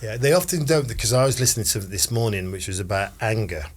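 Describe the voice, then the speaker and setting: Male podcast host, lowish voice, measured and reflective. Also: animated, a little hiss or hum. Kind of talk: casual chat.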